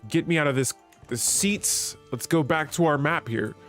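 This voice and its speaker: A man's voice: on the high side, normal speed, fairly bright tone, soft background music. A man streaming a strategy game, chatting with viewers and reading the in-game text aloud. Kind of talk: live gameplay commentary.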